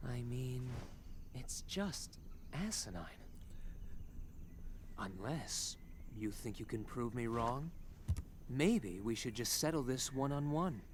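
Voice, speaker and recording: A man's voice: medium pitch, lively intonation, takes it slowly, long pauses. A man voicing an arrogant, boastful male bird warrior and archer in a video game. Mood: smug. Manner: condescending, boastful. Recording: noisy game audio.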